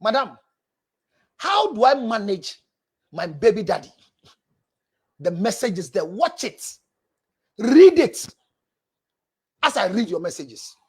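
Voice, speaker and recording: A man's voice: sits high, very animated, a little slow, pauses often, slightly rough. A man with a Ghanaian accent, a counselor hosting a livestream, animatedly scolding while reading viewer messages aloud. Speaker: counselor and show host.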